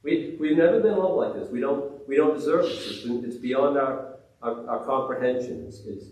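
A man preaching a sermon, animated, swinging between loud exclamations and hushed reverence, with frequent restarts. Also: medium pitch, normal speed. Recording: very echoey, distant mic.

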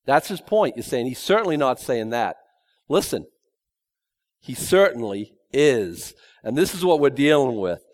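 Lively, conversational male preacher. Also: medium pitch, unhurried. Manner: conversational, joking asides, emphatic repetition. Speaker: pastor. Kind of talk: expository sermon.

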